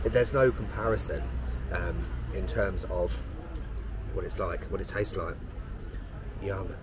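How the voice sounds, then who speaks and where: Heavy background noise accompanies a slow, low voice. He's a thirty-something travel vlogger from London with a London accent, offering casual, cheeky and self-mocking commentary to camera on trains, in the streets and at a chip shop.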